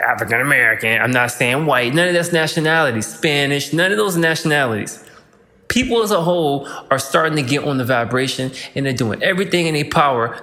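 A man holds forth on his podcast in a relaxed, rambling monologue full of slang. His voice sits at a middle pitch. Every phrase trails off into a long, hall-like reverb. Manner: loose, rambling, slangy, breaks into rhymes. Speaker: podcast host. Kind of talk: casual monologue.

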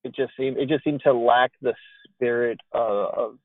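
A man's voice: mid-range voice, fairly even intonation, normal speed, no echo. A man guesting on a podcast, talking in an earnest, candid, slightly preachy way about ministry. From Hispanic roots in the US. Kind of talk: casual podcast conversation. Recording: tinny phone-like line.

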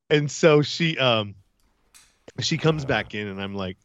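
A man telling a funny story as a podcast guest, animated and laughing as he talks. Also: mid-range voice, no echo, lo-fi sound. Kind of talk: casual storytelling.

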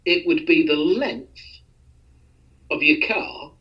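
A man's voice: fairly high pitch, slow pace, dull audio. A man hosting a podcast, talking in a rambling, self-deprecating casual way with many restarts. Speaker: podcast host.

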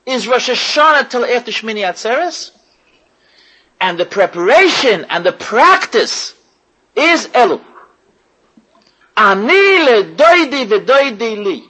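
A woman's voice: a little high, lively intonation, slow pace, pauses often, sharp tone, breathy edge, poor audio. A woman giving an impassioned religious lecture to women, repeating phrases and putting questions to her listeners. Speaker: religious teacher.

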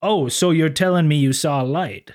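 Man putting on a genteel, very formal cop, slow and courteous. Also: fairly high pitch, lightly acted. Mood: polite. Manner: formal, old-fashioned, slow and deliberate. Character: overly polite genteel male police officer.

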